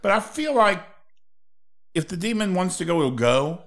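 Lively deadpan man, higher pitch. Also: moderate pace, gravelly. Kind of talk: casual chat.

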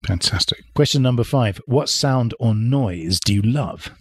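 A man hosting an interview podcast, quizzing his guest playfully with quick questions and small laughs. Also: mid-range voice, animated, dry recording, studio quality. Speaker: podcast host.

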